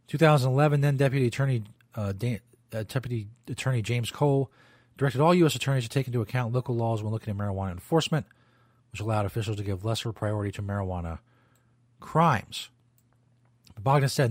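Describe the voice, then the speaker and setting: A man's voice: medium pitch, lively intonation, fast talker, dry recording, clean studio sound. A man hosting a talk radio show, rambling loosely and swearing as he comments. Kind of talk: casual talk radio monologue.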